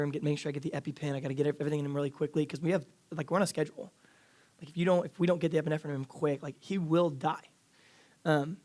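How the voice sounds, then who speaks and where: A man in his thirties preaching a casual, earnest sermon to a youth group, with lots of fillers and restarts. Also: a little high. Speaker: youth pastor. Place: church youth service.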